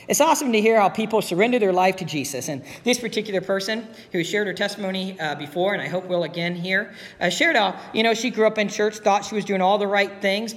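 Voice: medium pitch, a bit bright. A pastor preaching a sermon in an earnest, conversational way, repeating key phrases. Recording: long reverb of a hall.

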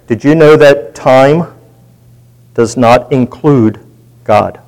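A man's voice: medium pitch, slow, a little mellow, poor audio. A man leading a Bible study, teaching in a conversational way and putting questions to his group.

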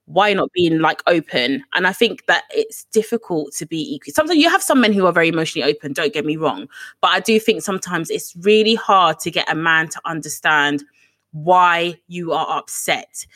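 Woman podcasting, lowish voice, frank and lively, dry close sound. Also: no room sound. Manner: animated, frank, swears when venting. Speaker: podcast co-host. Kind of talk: casual chat.

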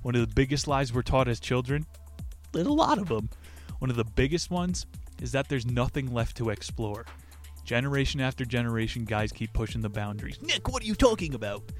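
A man's voice: medium pitch, animated, a little fast, soft background music. A man hosting a book podcast, brash and crude, cracking corny jokes and swearing between passages he reads aloud. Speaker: podcast host reviewing books.

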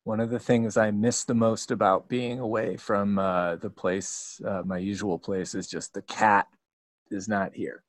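A man's voice: on the low side, flat delivery, a little slow, no room sound. A man hosting a casual podcast chat, talking in a meandering way with many fillers. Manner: meandering, chatty, lots of fillers. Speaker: podcast host interviewing a musician.

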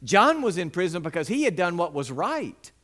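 A male preacher with a drawl tells stories from the pulpit. His voice sits a little high and swoops widely in pitch as he acts out scenes. He mixes plain teaching with playful, animated storytelling. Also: normal speed. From Mississippi, US. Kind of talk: sermon with personal storytelling.

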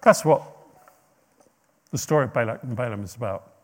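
A man's voice: mid-range voice, a little fast. A man preaching, retelling a story dramatically with chatty asides. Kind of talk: sermon storytelling.

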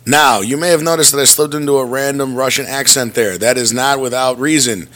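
A man hosting a podcast in casual chat, jokey and lively, riffing on pop culture. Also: medium pitch, a little fast. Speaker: podcast host.

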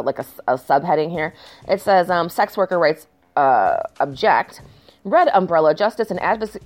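A woman commenting on news stories in a casual rant, reading passages aloud and breaking in with sarcasm and frequent swearing. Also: fairly low pitch. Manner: sarcastic, swears often, shifts into mock outrage.

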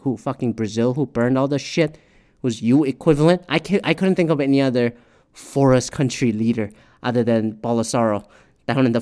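A man in a loose, profane rant, his voice a middle pitch for a man. He talks with animated energy and slips into other voices when he quotes people. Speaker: commentator. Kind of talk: casual political rant.

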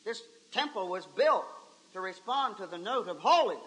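A man's voice: high-pitched, big pitch swings, normal speed, pushed and bright, low-quality recording. A man preaching a fervent sermon at a camp meeting, crying out praises as he goes. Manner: fervent, exclaiming.

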